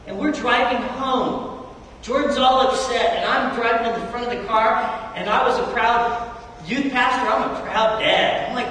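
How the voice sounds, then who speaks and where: A middle-aged man preaching a sermon, telling stories with a voice that surges high and loud, then drops soft. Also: moderate pace, slight background noise. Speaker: youth pastor. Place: large church hall. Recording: echoey hall from far off.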